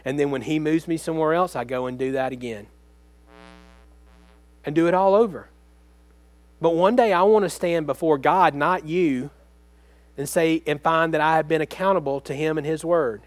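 A male pastor delivers a sermon in an earnest, conversational way, often putting questions straight to his congregation. His voice sits a little high for a man and sounds dry and close, with no room echo. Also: normal speed, pauses often.

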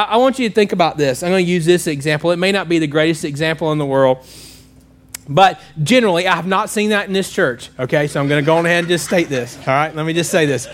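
A man with a fairly high voice preaching in a church. He talks to his congregation casually, checking in with frequent questions as he goes. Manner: conversational, asks the congregation questions. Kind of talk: sermon.

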